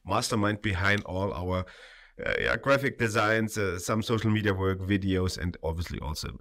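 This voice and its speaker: A man's voice: fairly low pitch, moderate pace, fairly bright tone. A tired young man who speaks natively, hosting a casual livestream chat in English and rambling loosely with fillers. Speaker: stream host.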